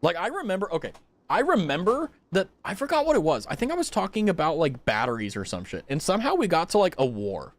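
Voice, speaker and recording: A young man chats loosely with his live-stream viewers, blunt and animated, swearing as he goes. His voice sits a little high and swings up and down a lot. It stays casual and conversational throughout. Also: quick pace. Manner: animated, swearing, talks to chat. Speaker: game streamer.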